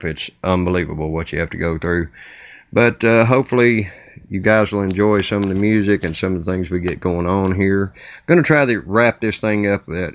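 A man with a Southern Kentucky accent, and his voice sits low and deep. He rambles through a solo podcast in a blunt, folksy way, with plenty of uhs and jokey asides. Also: no room sound. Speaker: podcast host. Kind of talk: casual solo podcast monologue.

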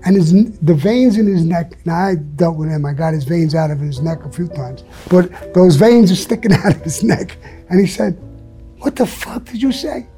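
Soft background music plays under a man's fairly high, dark-toned voice moving at a moderate pace. He's a blunt, profane storyteller who acts out quotes while telling stories as a casual interview guest.

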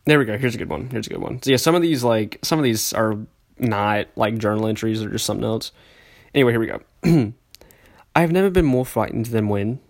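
A man's voice: lowish voice, fast, creaky. Rambling self-mocking young man. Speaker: podcast host. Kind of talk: reading old school journal entries aloud with commentary.

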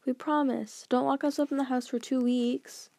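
A woman's voice: sits high, fairly even intonation, moderate pace, creaky, mellow, no echo. Woman putting on a cheeky, argumentative boy. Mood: defiant. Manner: eager, argumentative, blurting. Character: cheeky, defiant young boy.

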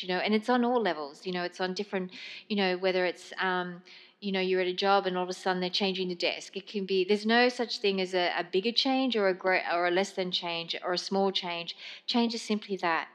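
A woman hosting a spiritual podcast, speaking slowly and gently in a meandering monologue full of fillers. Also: fairly low pitch. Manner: slow, meandering, gentle delivery with many fillers. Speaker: podcast host.

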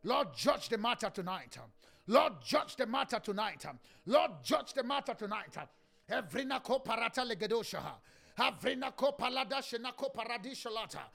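High, gravelly man in fervent prayer. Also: big pitch swings, moderate pace. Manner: chanting, shouting prayer with bursts of tongues. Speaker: pastor. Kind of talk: fervent prayer sermon with tongues.

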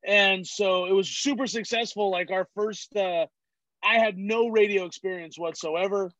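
A comedian from California telling stories as an interview guest. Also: male voice, high voice, steady tone, normal speed, fairly bright tone, no echo. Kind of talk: casual interview chat.

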